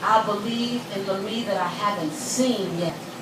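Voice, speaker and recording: A middle-aged motivational speaker delivers a live, unhurried speech in a large hall, telling a story with animated energy and leading the audience in call-and-response chants. She acts out quoted voices with sudden loud pitch jumps, and the echoey recording comes from a distant mic with audience noise.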